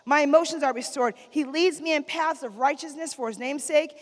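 A woman preacher with a high voice delivers a sermon, drawing call-and-response from the congregation and repeating key lines. Her voice rings with the long reverb of a big church hall. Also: moderate pace.

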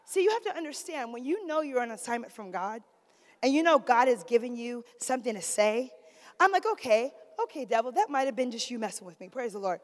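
A middle-aged woman preaches in a church. Her voice sits high, and a long reverb rings around her in the hall. She moves between fiery, shouted exhortation and hushed, conversational storytelling. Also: animated, brisk. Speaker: preacher, pastor's wife. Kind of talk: sermon with personal story. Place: church sanctuary.

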